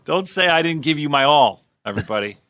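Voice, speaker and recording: Playful mid-pitched man in his forties. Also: lively intonation, fast, fairly bright tone, dry recording. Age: 40s. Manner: playful, self-mocking, laughs often. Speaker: podcast co-host. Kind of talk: casual chat.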